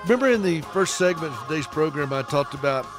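A man's voice: on the high side, lively intonation, fast talker, music in the background. A man hosting a radio show, talking earnestly and conversationally to caregivers. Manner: earnest, conversational, with frequent restarts. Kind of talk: casual radio talk to caregivers.

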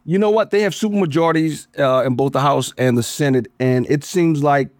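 A man's voice: a little high, brisk, a little mellow, no room sound. A middle-aged pastor from Louisiana speaks in a slightly raised voice, easygoing and conversational. He often stumbles over restarts as he works toward his point. The sound is dry and close, with little room. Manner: easygoing, frequent restarts and affirmations. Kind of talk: casual interview conversation.

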